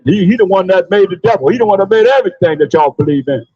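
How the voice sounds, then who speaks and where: High-voiced, fiery male street preacher. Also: lively intonation, fast, breathy edge, dry recording, muffled recording. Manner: loud, preachy, calls on a reader and repeats the verses. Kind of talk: open-air street preaching. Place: outdoors on a busy city sidewalk.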